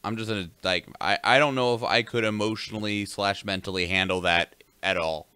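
A man's voice: on the low side, brisk, sharp tone, clean tone, no echo. A young man co-hosting a podcast, chatting casually about news stories in a laid-back way. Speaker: podcast co-host reading news.

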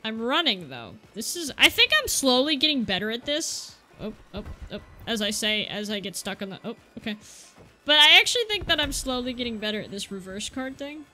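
Hyped young woman gamer, high lively voice, keeps yelping whoa and uh-oh, faint music behind. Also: fairly quick. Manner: excitable, exclaims and repeats words in bursts. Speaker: gaming YouTuber. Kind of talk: live gameplay commentary. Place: indoor room at home.

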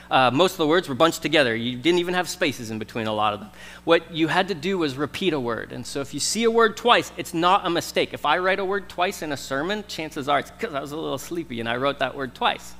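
A man in his thirties preaching a conversational sermon, jumping from loud emphasis to soft, slow stressed words. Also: mid-range voice, long reverb tail. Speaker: pastor. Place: church sanctuary.

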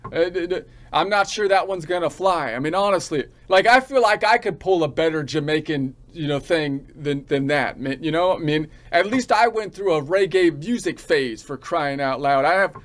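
A man from the United States ranting comically, rambling and halting with frequent restarts. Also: on the high side, fairly bright tone. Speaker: channel host. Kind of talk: comic rant.

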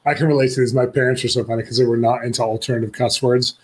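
A male show host chatting casually about the clips he plays. He talks quickly and with enthusiasm, and his voice sits at a middle pitch. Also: little pitch movement.

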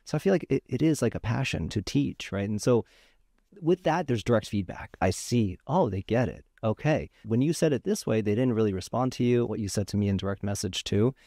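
A man's voice: lowish voice, lively intonation, brisk, mellow, dry recording, studio quality. A young man as a podcast guest, talking in an earnest, easygoing way, laughing easily and often restarting his words. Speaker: guest, physical therapist and acupuncturist. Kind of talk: casual interview chat.

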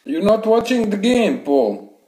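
A man's voice: sits high, very animated, unhurried, mellow, reverberant, poor audio. A man hosting a racing game livestream, chatting casually with viewers and sounding tired and yawning. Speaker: league host and streamer.

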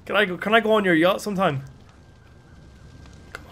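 A young man streaming a video game, chatting casually and excitedly with his viewers. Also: on the high side, fast, long pauses, a little hiss or hum. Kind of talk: casual live-stream commentary. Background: game music and sounds.

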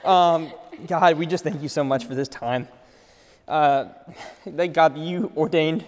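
A young man, a groom, crying and laughing as he speaks and prays haltingly. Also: on the high side, slight background noise. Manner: tearful, laughing through tears, halting. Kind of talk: emotional wedding first-look talk and prayer.

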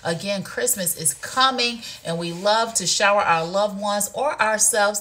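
A woman's voice: medium pitch, unhurried, pushed and bright. A woman hosting a live shopping show, chatting casually with viewers while demoing a product, playful and full of "y'all" and "honey". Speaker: livestream shopping host. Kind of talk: casual product demo chat.

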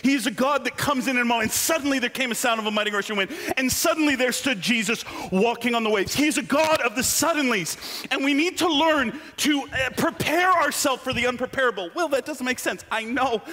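A man preaching a sermon in a church, animated and joking, with self-deprecating asides. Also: very high voice, big-room sound. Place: church sanctuary.

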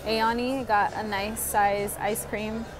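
Here the vlogging mother speaks in a mid-range, level voice at a slow pace, over crowd noise and with poor audio. She and her daughter share casual, giggly vlog chat at a restaurant and later a mall coffee shop.

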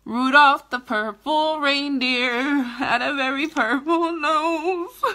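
A woman's voice: high voice, takes it slowly, sharp tone. A woman who is a mother, vlogging live in a casual, dramatic way with squeals, laughter and cursing. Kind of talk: casual livestream chat.

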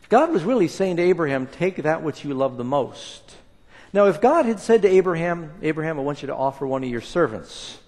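A man preaching a sermon and reading scripture aloud, with an emphatic delivery that swings between hushed and loud. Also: mid-range voice, vocal fry. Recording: long reverb of a large hall.

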